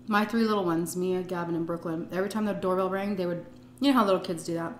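A woman's voice: fairly low pitch, quick pace, roomy sound, a little hiss or hum. A middle-aged woman vlogger telling a personal story in a casual, blunt and profane way. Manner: blunt and profane, vivid retelling. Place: indoors at home, eating on camera.

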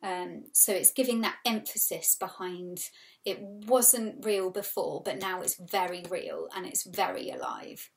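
A woman's voice: on the low side, unhurried, vocal fry. A woman, a primary school teacher giving a recorded storybook reading lesson, reading expressively and patiently explaining words. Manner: expressive read-aloud with patient vocabulary explanations.

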